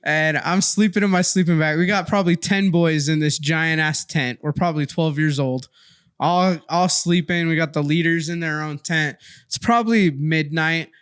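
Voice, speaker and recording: A man's voice: on the high side, moderate pace, a bit bright, clear, resonant tone, no room sound, clean studio sound. A man in his thirties, a podcast host, telling childhood stories in casual chat and laughing easily.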